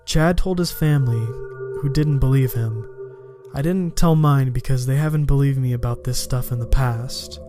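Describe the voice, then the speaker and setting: A man's voice: mid-range voice, normal speed, mellow. Man reading a horror story over music. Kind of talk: scripted first-person horror narration.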